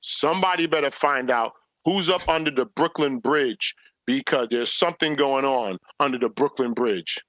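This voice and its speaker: A man co-hosting a sports talk podcast, ranting in an animated way and mocking players in put-on quoted voices. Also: mid-range voice, moderate pace, hardly any pauses, no room sound. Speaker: podcast co-host.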